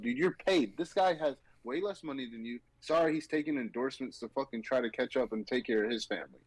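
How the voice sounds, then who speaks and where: A man's voice: mid-range voice, fast, few pauses, no room sound, low-quality recording. Sarcastic male podcast host. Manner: animated, mocking, quotes people in sarcastic voices. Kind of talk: casual sports betting chat.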